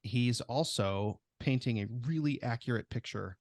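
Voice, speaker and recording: A man's voice: mid-range voice, unhurried, a little mellow, no room sound, clean studio sound. A man hosting a podcast, chatting casually with his co-hosts in a playful, self-deprecating way. He studied English. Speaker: podcast host.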